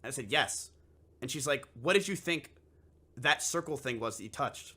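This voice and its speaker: A man's voice: medium pitch, lively intonation, normal speed, sharp tone, breathy edge. A young man streamer telling a story casually to his live chat, swearing freely and acting out both sides of the conversation.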